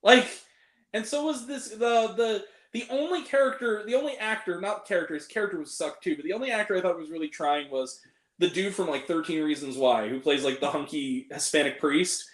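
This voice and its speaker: A young man hosts a casual film review chat, ranting and swearing freely as he tears into movies he hated. His voice sits high and moves a little fast, and the sound is reverberant.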